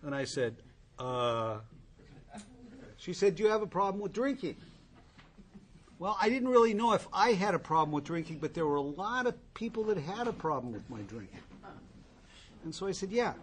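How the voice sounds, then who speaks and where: A man's voice: high voice, sing-song, brisk. A man in his sixties tells a humorous, rambling story to an audience at a recovery meeting, with many restarts.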